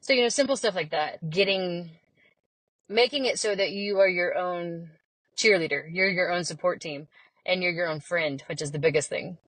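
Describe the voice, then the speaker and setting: A woman's voice: on the low side, moderate pace, no room sound, rough recording. Chatty woman, dry close sound. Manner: chatty, animated storyteller who acts out quotes. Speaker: podcast guest. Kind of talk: casual conversation.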